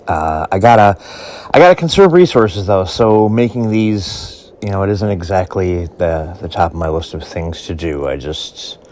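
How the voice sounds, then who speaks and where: A self-doubting survivor, voiced by a man speaks into a tape diary in an audio drama. He talks haltingly, stumbling and restarting often. His voice sits somewhat low. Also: fairly even intonation, fairly bright tone, natural voice. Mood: shaken. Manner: halting, with many restarts and fillers.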